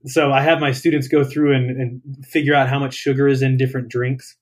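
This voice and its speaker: A man's voice: medium pitch, fairly quick. Laid-back young man telling stories. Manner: relaxed storyteller, laughs while telling anecdotes. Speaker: guest, dietitian. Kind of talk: casual interview chat.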